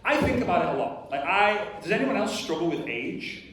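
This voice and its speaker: A man's voice: high-pitched, big pitch swings, brisk, background noise. A man in his thirties giving an earnest, emphatic motivational talk to an audience, often saying "like" and acting out little voices. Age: 30s. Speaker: conference speaker. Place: large hall before an audience. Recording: echoey hall, distant mic.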